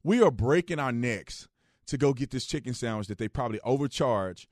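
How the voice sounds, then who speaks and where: A man hosting a radio talk show, giving casual joking opinion commentary, jumping between loud outbursts and low, quiet asides. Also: expressive, fairly quick, dry recording, studio quality.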